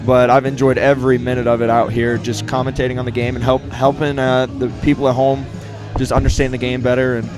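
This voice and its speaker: A teenage man talks football commentary in an even, earnest way, his pitch held very flat and mid-range. Music plays clearly behind him. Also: fast talker, hardly any pauses. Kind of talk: casual commentary chat.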